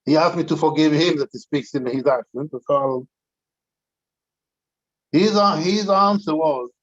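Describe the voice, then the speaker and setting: A man's voice: a little high, measured pace, dull audio. An older man, a rabbi, telling an anecdotal story to a community gathering, with frequent restarts.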